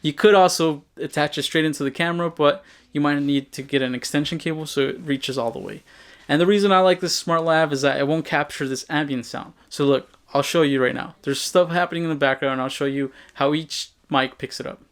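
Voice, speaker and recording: Fairly high-voiced man, blunt and hands-on, swears casually, tutorial host. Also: steady tone, a little fast, smooth. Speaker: filmmaking video host.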